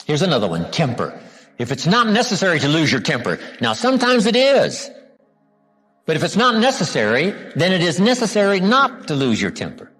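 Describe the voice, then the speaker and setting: An older American man, a motivational speaker, giving a live seminar lecture to an audience, asking rhetorical questions and repeating key words with slow, drawn-out emphasis. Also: a little high, wildly swooping pitch, a bit bright, husky, soft background music. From United States. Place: large hall with a live audience. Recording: live hall recording with long reverb.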